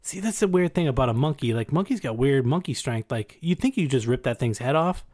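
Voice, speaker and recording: A man's voice: medium pitch, animated, fairly quick, a little mellow. A man in his thirties, a podcast co-host telling rambling crude stories in casual chat.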